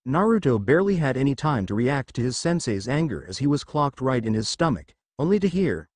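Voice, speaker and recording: A man narrating a fan fiction audiobook in an expressive storytelling manner. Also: mid-range voice, fairly quick, no room sound.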